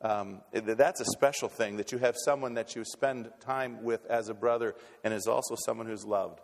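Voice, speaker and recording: A man's voice: fairly low pitch, fairly even intonation, moderate pace, vocal fry. A man preaching a sermon as pastor, folksy and stumbling on repeated words as he restarts. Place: church sanctuary. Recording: long reverb in a church hall.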